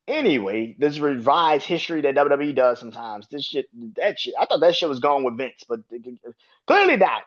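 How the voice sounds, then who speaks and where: A man hosting a podcast, reviewing wrestling in a casual, profane rant. He keeps jumping into high-pitched outbursts. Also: animated, fast talker, dull audio. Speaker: podcast host.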